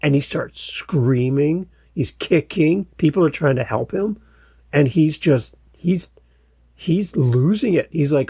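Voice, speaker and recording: A man hosting a podcast, telling a story in an animated way and acting out the quoted shouts. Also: on the high side, slow, husky, dry recording, clean studio sound. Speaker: podcast host. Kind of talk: storytelling monologue.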